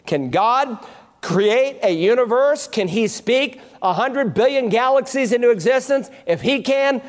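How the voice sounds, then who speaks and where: A man preaching from the pulpit in a church sanctuary, his voice pitched high for a man. He drives his points home emphatically, stacking ideas in threes and firing rhetorical questions at the congregation. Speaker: pastor. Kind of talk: sermon.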